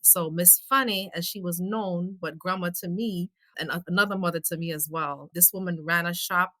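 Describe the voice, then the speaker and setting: A woman's voice: fairly low pitch, steady tone, moderate pace, pushed and bright, no echo. A middle-aged woman from Belize with a mix of New York and Caribbean accents, chatting as a personable podcast guest telling stories. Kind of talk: casual podcast chat.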